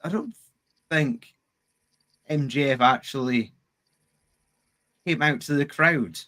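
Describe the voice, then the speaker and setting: A man co-hosting a podcast, easygoing and quick to agree in casual chat. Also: medium pitch, pushed and bright. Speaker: podcast co-host.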